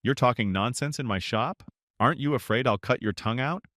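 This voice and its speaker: A man's voice: mid-range voice, a little fast, fairly bright tone, no echo, clean studio sound, voice pushed up, close to an everyday voice. A man doing a curt, threatening shopkeeper. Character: calm strong young male shop owner.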